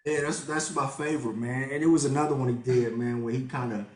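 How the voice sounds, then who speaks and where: A man chatting on a podcast in a playful, animated way, laughing often. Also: mid-range voice, quick pace. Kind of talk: casual chat. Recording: roomy echo.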